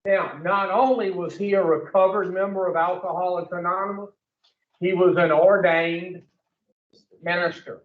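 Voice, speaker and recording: A man's voice: sits high, fairly even intonation, moderate pace, distant mic, phone-quality sound. Blunt man telling his story, echoey room. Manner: blunt, profane, direct storytelling; questions the room directly. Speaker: recovery speaker. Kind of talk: recovery talk to a group. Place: meeting room with a group.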